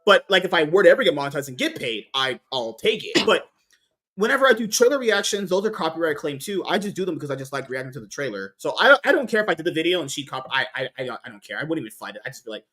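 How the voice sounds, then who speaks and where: Guy hosting a podcast, rambly and sweary, voice jumps all over, bit high. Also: very animated, fast talker, pushed and bright. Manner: rambling, swears a lot, frequent restarts. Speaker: podcast host. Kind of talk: casual podcast chat.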